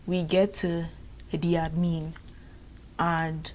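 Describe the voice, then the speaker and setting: A young Nigerian-accented woman shares a school story on her vlog. Her voice sits fairly low, and she talks fairly quickly, sounding animated and exasperated.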